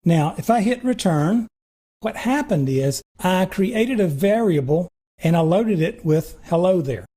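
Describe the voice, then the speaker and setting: A man instructor narrating a screen-recorded programming tutorial, talking through each step in a relaxed, reassuring way. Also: high-pitched, measured pace, slightly rough.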